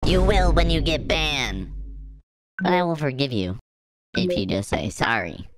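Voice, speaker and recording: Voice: mid-range voice, big pitch swings, measured pace, background noise. A voice actor playing a spoiled, boastful young gamer who threatens others, in a fan voice-over of a game animation. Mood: bossy. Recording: loud background music. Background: music.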